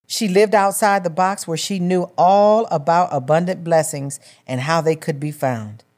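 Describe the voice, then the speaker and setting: A woman reading a novel as an audiobook narrator in a measured storytelling manner. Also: on the low side, a little mellow.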